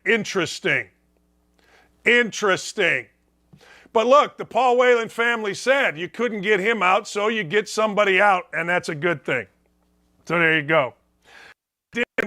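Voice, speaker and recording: Sarcastic high-voiced sports talk host. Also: male voice, bright, forceful tone. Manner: sarcastic, rapid riffing, reads viewer comments aloud.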